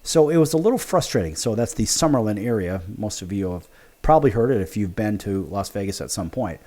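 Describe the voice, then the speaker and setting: A man hosting a sports talk show, spinning a casual monologue. His pitch rises and falls a lot, and he acts out each side of the conversations he recounts. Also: a little fast. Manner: animated, acts out both sides of conversations.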